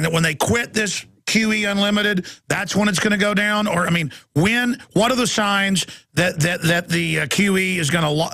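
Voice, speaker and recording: A man's voice: fairly high pitch, vocal fry, bright, forceful tone, dry recording. A man hosting a call-in talk radio show, talking in a rambling, emphatic way with lots of fillers and restarts.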